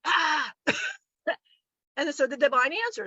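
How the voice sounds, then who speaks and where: A woman giving a channeled spiritual teaching, animated and blunt, with casual profanity and acted-out voices of others. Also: high voice, normal speed, no echo, lo-fi sound.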